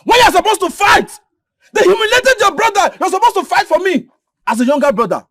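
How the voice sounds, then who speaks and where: An actor playing a touchy, hot-tempered younger brother, shouting and stammering in a Nigerian English accent. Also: male voice, very high-pitched, expressive, fairly quick, dry recording, studio quality, full character voice. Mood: bitter. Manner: agitated, shouting, stammering repeats. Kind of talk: Nollywood film acting.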